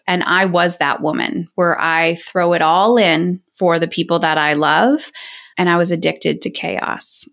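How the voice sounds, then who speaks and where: A middle-aged woman speaking as a parenting coach in a podcast interview. She talks in a direct, energetic way and often acts out what other people say. Her voice sits at an ordinary middle pitch. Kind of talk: candid podcast interview talk.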